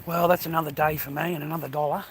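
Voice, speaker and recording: Talking very fast with little pitch movement, this fairly high-pitched Australian man gives a casual, blunt rant to camera. He repeats himself and keeps calling viewers "mate". Heavy background noise fills the clip.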